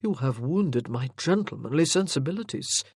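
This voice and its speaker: A suave nobleman with a mocking charm, as an audiobook reader puts him on, a worldly rake who plays his words slowly and teasingly. The voice sits in a middle register and sounds dry and close. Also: mid-range voice, animated, darkish tone, slightly rough, dry recording. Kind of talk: audiobook character reading.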